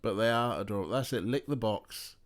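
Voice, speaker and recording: A man's voice: lowish voice, brisk. A young man streaming, chatting casually and talking to his cats as he plays. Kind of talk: casual live-stream chat.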